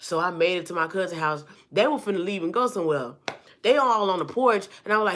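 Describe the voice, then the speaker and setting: A woman vlogger telling a personal story to her viewers in a lively, chatty way, calling them y'all and honey and acting out the people in it. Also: medium pitch, fast. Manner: acts out the people in her stories.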